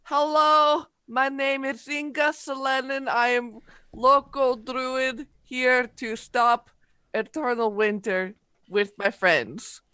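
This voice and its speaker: A woman playing an earnest, halting druid woman. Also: high-pitched, steady tone, sharp tone, smooth, dry recording, exaggerated voice. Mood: earnest polite. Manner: halting, dropping articles, formal. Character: earnest female druid speaking halting formal words.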